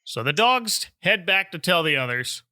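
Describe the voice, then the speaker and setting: A podcast host recapping an old holiday special with wry asides. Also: male voice, high-pitched, sing-song, normal speed, pushed and bright, no room sound, studio quality. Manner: narrates plot with wry asides. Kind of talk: casual recap and chat.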